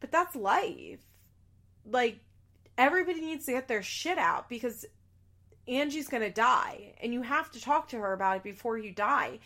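A woman's voice: on the high side, animated, normal speed, a bit bright. Blunt exasperated young woman ranting casually. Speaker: reality TV recapper. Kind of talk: casual opinionated commentary.

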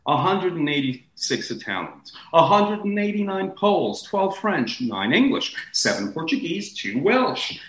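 An American man speaking as a guest, animated and rambling, with big swoops in pitch. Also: measured pace, few pauses, echoey room, low-quality recording. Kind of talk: casual discussion.

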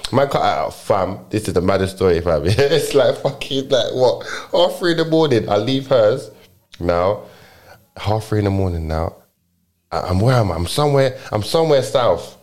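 A man's voice: lowish voice, darkish tone. A young man with a London accent tells a story in loose, casual chat. He leans on slang and keeps restarting his sentences. The delivery is rambling and unpolished.

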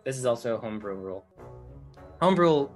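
A woman with a low voice serves as dungeon master for a tabletop game, explaining her homebrew rules with lively intonation. She halts often, filling gaps with fillers and restarting her sentences, while soft music plays faintly in the background.

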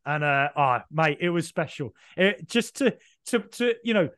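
A man chats through a football podcast, rambling and joking as he tells his stories. His voice sits fairly high, and the recording is close and dry with no room around it. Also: lively intonation, measured pace, a bit bright, no room sound. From Birmingham, England. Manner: rambling, jokey storytelling with frequent fillers. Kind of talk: casual chat.

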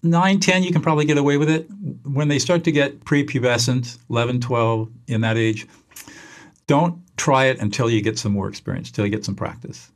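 A man's voice: medium pitch, a little fast. A man as a podcast guest, passionately teaching a conversation technique and acting out example exchanges. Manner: passionate, animated, acts out example dialogues. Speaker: guest expert.

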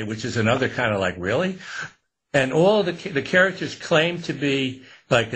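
An older man with a husky voice, answering interview questions casually. He rambles and restarts, unbothered. Relaxed, easygoing delivery. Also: mid-range voice. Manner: relaxed, rambling, laughs often. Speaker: author guest.

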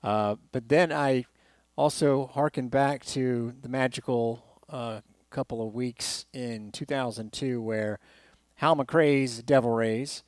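A man's voice: mid-range voice, fairly even intonation, slow, no room sound. Rambling male sports radio host. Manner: rambling, with many fillers and restarts. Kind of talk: casual sports talk.

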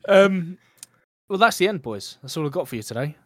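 Man, podcast co-host, animated pitch, laughs while reading, dry close sound. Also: a little fast, dry recording. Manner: laughs often while reading quotes aloud. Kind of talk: casual comedic chat.

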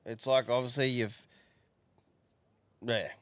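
A man's voice: medium pitch, steady tone, slow, a bit bright, smooth, no room sound. A man co-hosting a casual podcast, throwing in short crude remarks and laughing. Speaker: podcast co-host.

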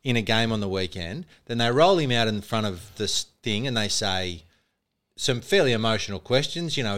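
A man's voice: mid-range voice, animated, moderate pace, a bit bright, clean tone. An Australian man with a mid-range voice, co-hosting a podcast. He retells events in a wry, questioning way. His tone stays casual and conversational. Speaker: co-host.

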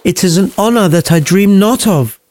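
A man's voice: sits high, lively intonation, moderate pace, darkish tone, pitched above the performer's own voice. A man voicing a sheltered, blunt, posh teenage girl in a comic storybook retelling, in a prim upper-class manner.

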